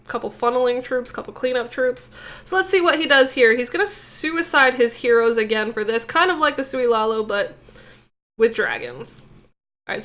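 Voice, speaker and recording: Bright-voiced young woman recapping game raids. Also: on the high side. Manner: upbeat, chatty recap with fillers. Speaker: gaming video host. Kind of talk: casual game commentary.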